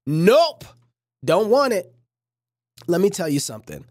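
A woman hosts a casual livestream and reacts to a clip with joking, preachy asides. Her voice swoops up and down over a wide, animated range. The sound is close and dry, with little room to it. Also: lowish voice, measured pace, no room sound. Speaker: livestream host.

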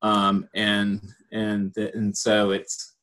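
A man's voice: fairly low pitch, monotone, very slow, a bit bright, poor audio. A man in a casual discussion, thinking aloud with frequent restarts and a reflective manner. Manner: hesitant, many restarts, reflective.

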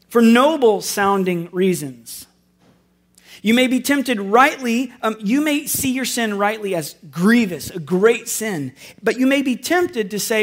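A man preaching as a pastor, earnest and conversational, with wry self-deprecating asides. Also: sits high. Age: adult with school-age children. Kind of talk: sermon.

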